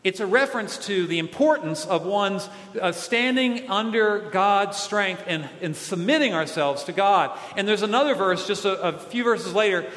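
Pastor guy preaching, highish voice, lots of call and response, roomy echo. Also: normal speed, few pauses, a bit bright. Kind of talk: sermon. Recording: echoey hall.

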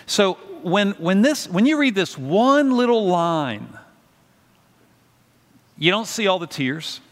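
A man's voice: high-pitched, sing-song, takes it slowly, in a large hall. A middle-aged male pastor preaching a sermon in a conversational, storytelling way, often asking the congregation questions.

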